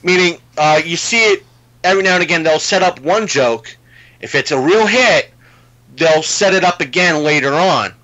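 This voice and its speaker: Rambling man with a bright, dull-sounding mic. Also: on the high side, expressive, normal speed. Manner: rambling storyteller with many fillers and restarts. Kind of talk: casual podcast chat.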